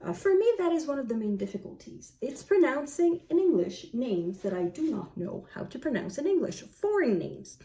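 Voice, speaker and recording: Lively, mellow-voiced woman musing aloud. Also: sits high, normal speed, few pauses. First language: French. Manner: thoughtful, musing, asks herself questions aloud. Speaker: book vlogger. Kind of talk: casual talk to camera.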